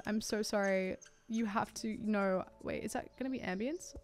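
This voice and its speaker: A young Australian woman giving excited, gushing commentary as she plays a horse-riding game, full of "oh my god" and "like". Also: mid-range voice, unhurried, few pauses, soft background music. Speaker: gaming YouTuber. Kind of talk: casual gameplay commentary.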